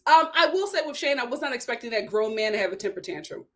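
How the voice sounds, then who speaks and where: A woman's voice: on the high side, fast, hardly any pauses. Sassy woman recapping reality TV. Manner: sassy, animated, blunt. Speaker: vlog host. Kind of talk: casual reality-TV recap commentary.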